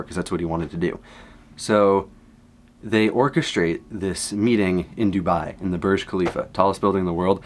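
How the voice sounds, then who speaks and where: Young man with a lowish voice, excitable, rambling recap from memory with sudden high exclaims. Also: moderate pace, a little hiss or hum. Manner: rambling, excitable, jumps between hushed asides and high exclaims. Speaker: content creator. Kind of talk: casual movie recap from memory.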